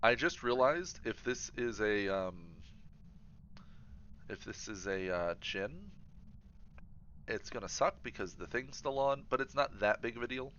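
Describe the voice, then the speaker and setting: A man's voice: mid-range voice, animated, unhurried, pauses often, fairly bright tone, slight background noise. A man streaming a game, chatting casually and rambling with many fillers and restarts. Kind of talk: casual chat while gaming. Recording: slightly dull livestream audio.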